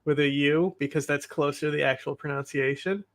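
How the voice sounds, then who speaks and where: A man's voice: fairly high pitch, fairly even intonation, fairly quick, a bit bright. A man hosting a livestream, giving blunt, rambling, opinionated commentary on the news. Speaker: livestream host.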